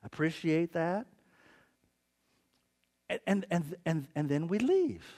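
Lively high-voiced man preaching. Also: moderate pace. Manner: animated, humorous storytelling with stammered restarts. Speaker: pastor. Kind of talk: sermon.

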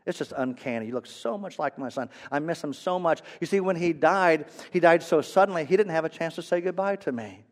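A man voicing a grieving elderly woman who talks softly and hesitantly, stammering, with a long church reverb. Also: high-pitched, fairly quick, few pauses, close to an everyday voice. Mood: sad. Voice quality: soft, quiet and hesitant with stammers.

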